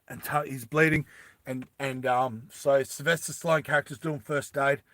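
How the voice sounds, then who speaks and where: A man casually retelling an adventure story in a rambling, animated way with many fillers. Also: medium pitch, normal speed, dry recording.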